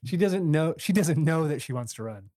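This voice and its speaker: A man's voice: a little high, animated, mellow. Blunt, swearing man in movie chat. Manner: blunt, swears freely, quick interjections. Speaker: podcast co-host. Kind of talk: casual movie discussion.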